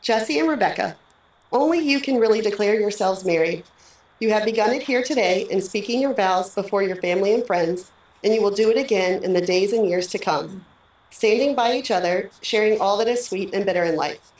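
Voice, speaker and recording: A woman officiates a wedding, speaking in measured, reflective phrases and leading the couple through their vows. Her voice is of middling pitch and heard from afar, with the ceremony room ringing around it. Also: a little mellow. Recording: echoey, picked up from a distance.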